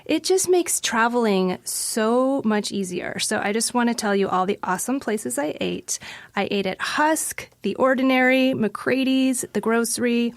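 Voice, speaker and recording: A woman's voice: fairly high pitch, measured pace, no room sound. A woman hosting a casual podcast roundtable, upbeat and enthusiastic, often laughing. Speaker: podcast host.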